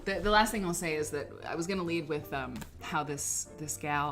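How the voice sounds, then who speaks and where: A woman's voice: low voice, lively intonation, moderate pace, few pauses, over music. A woman hosting a live stream in casual chat, rambling and laughing as she talks, with lots of "like" as filler. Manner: rambling, chatty, full of "like" and laughter. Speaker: livestream host.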